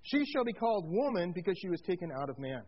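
Fast and husky, a man's high-sitting voice comes through dull audio. He is a pastor preaching on a Bible passage, lively as he puts questions to the congregation and tells jokes.

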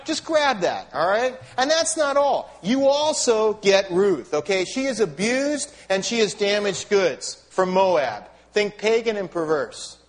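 A middle-aged man delivers a sermon in a chatty, animated style, throwing rhetorical questions and wry asides at his listeners. His voice sits fairly high for a man and swings widely in pitch, rising and falling as he preaches. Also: measured pace, few pauses. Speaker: pastor.

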